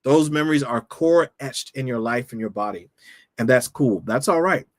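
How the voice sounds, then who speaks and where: A man's voice: medium pitch, expressive, normal speed, no echo, studio quality. Man giving a conversational sermon. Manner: conversational, repeats questions for emphasis. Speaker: pastor. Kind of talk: sermon-style teaching to camera.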